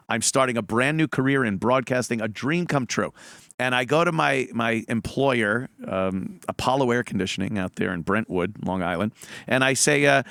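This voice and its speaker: A man's voice: medium pitch, gravelly, no room sound, clean studio sound. A middle-aged man telling profane stories in a casual chat, acting out the quotes in them. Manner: profane, animated, acts out quotes. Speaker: comedian guest telling stories.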